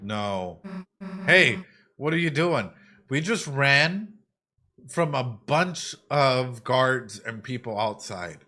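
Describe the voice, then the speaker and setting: Excitable man commenting on a game. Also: medium pitch, slow. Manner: excitable, exclaiming, musing aloud. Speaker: psychologist playing a game on stream. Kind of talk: let's play commentary.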